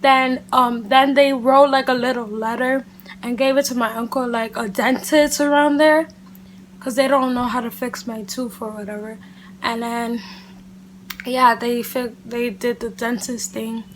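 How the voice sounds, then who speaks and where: A woman vlogger telling a casual storytime to camera, animated and chatty, leaning on "like" and "literally". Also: a little high, a little slow, slight background noise. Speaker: beauty vlogger.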